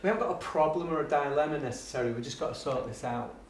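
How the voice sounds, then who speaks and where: A man's voice: on the high side, very fast, a little hiss or hum. A middle-aged man telling classroom stories to an audience, laughing often and acting out his pupils. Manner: animated storyteller, laughs often, acts out voices of pupils. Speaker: education speaker and guest. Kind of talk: lively anecdotal talk to an audience. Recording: roomy and distant with faint ambience.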